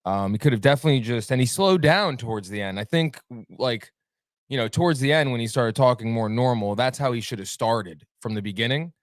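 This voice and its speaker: A man with a mid-range voice and lively intonation hosts a sports talk podcast, speaking fairly quickly in a casual, rambling chat. He cracks sarcastic jokes between fillers, and the studio-quality recording has no room sound.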